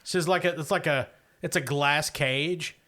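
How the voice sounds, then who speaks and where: A man narrates scenes in a tabletop game with playful embellishment. His voice is bright and sits a little high. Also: measured pace. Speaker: game player.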